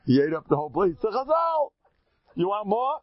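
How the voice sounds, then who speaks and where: A man's voice: sits high, sing-song, moderate pace. A man giving a humorous religious talk, quizzing his listeners and mixing in Hebrew and Yiddish terms. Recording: dry, muffled lo-fi recording.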